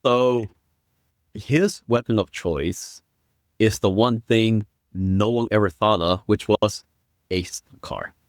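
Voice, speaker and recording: A man as a guest on a film podcast, explaining step by step and building up to excited quoted lines. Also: lowish voice, takes it slowly, no room sound, studio quality. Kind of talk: casual film review chat.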